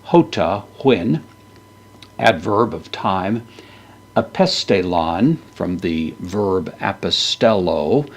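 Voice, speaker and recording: A man with a low, husky voice works through a Bible passage word by word. He speaks slowly and deliberately, sounding out each Greek term with care before explaining its meaning. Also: animated. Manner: slow, deliberate, pronounces Greek words carefully. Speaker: Bible teacher. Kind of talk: verse-by-verse Greek lesson.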